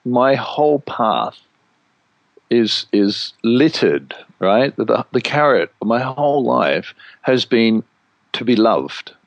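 A man in casual spiritual conversation, telling stories with animated swings and freely dropping swear words. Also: mid-range voice, slow pace, gravelly, no room sound, dull audio. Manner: animated storyteller, swears freely, mimics voices for effect.

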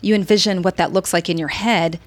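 A woman's voice: lowish voice, brisk, dry recording. Earnest woman guest explaining with enthusiasm. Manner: earnest, animated explaining with many "you know"s. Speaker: podcast guest. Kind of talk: casual conversational interview.

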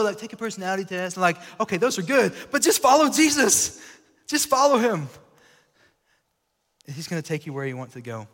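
Animated young preacher in echoing hall. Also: male voice, a little high. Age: late 20s. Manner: animated and jokey, swinging from loud exclaiming to hushed asides. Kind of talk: energetic youth-style sermon. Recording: long reverb of a large hall.

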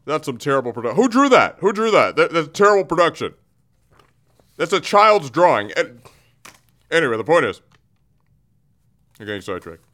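A man's voice: fairly high pitch, normal speed, pauses often. A man hosting a sports show, ranting in mock fury and stammering through restarts. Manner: excitable, mock-furious ranting. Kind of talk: comic sports rant.

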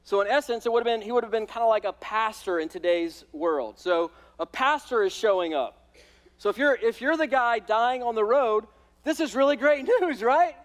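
A pastor with a high voice preaching in a church. He talks emphatically and conversationally, repeating words as he goes. He keeps his listeners engaged with "listen" and "right?". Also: lively intonation, normal speed. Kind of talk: sermon. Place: church in front of a congregation.

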